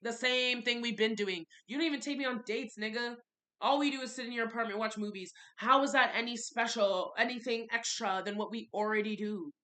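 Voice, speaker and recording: A woman's voice: fairly high pitch, steady tone, fairly quick, sharp tone. Frustrated young woman venting to camera. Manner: candid, frustrated, ranting, repeats for emphasis. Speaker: vlogger. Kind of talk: confessional storytime vlog.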